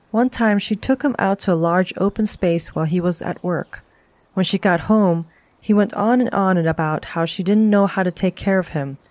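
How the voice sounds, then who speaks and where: Woman narrating a horror podcast, calm and steady, low-ish voice, dead dry room. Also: no room sound. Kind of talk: scripted horror story narration.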